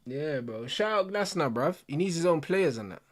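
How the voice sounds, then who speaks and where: A young man with a fairly high, animated voice hosts a football watch-along at normal speed. He rants heatedly to viewers and mates, leaning on casual slang and swearing freely.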